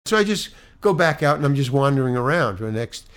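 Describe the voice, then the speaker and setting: A man who is a stand-up comedian, telling an animated, self-deprecating anecdote and acting out the quotes himself. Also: medium pitch, fast talker. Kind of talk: anecdotal storytelling.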